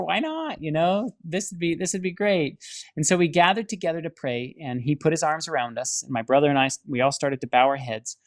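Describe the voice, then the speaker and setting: A man, a film studio director, telling his personal faith testimony in an earnest storytelling manner, often restarting his sentences. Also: on the high side. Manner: earnest storytelling with many restarts and dramatic acted-out quotes.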